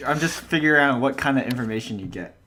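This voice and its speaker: A man acting as game master, narrating a tabletop game in a halting way with many restarts. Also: mid-range voice, lively intonation, sharp tone, slight background noise. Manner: halting, full of restarts and fillers.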